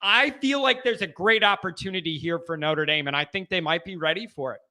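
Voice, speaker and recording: A man's voice: sits high, a little fast. A man hosting a casual call-in show, talking football with callers in an emphatic, folksy way. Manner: animated, emphatic, folksy talk. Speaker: show host. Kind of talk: call-in sports chat.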